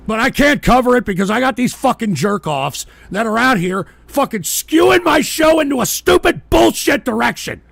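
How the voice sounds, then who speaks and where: Gravelly, high, swooping male host, exasperated, cursing out trolls. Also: sing-song, normal speed, hardly any pauses, no echo. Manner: exasperated, profane, yelling at trolls. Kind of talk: live political talk show.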